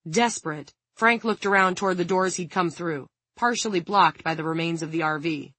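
Low-voiced woman narrating a thriller. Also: fairly bright tone, dry recording. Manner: measured dramatic reading. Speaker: audiobook narrator. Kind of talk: scripted audiobook narration.

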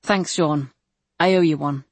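A woman voicing an eager male detective who asks brisk, direct questions. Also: sits low, husky, dry recording, exaggerated voice.

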